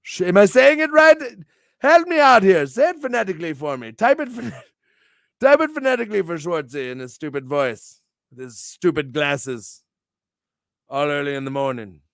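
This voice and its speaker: A young man hosting a morning stream with a bombastic, theatrical promo style, swinging his pitch and volume wildly. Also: expressive, normal speed, fairly bright tone, dry recording, clean studio sound. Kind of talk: hyped-up wrestling promo chat.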